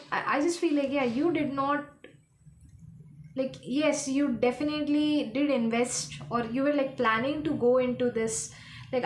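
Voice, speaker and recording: A woman giving a casual tarot reading, rambling and halting as she hunts for her words. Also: a little high, roomy sound, slight background noise. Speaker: tarot reader.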